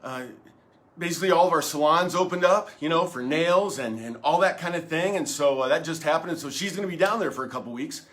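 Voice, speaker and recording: A middle-aged man, a pastor hosting his own show, giving a casual devotional talk straight to the viewer in a chatty, folksy, animated way. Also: fairly high pitch, a little fast.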